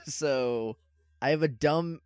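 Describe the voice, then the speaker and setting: A man's voice: fairly high pitch, takes it slowly, darkish tone, clean tone, no room sound, clean studio sound. A man hosting a tabletop game chat, jokey and laughing often.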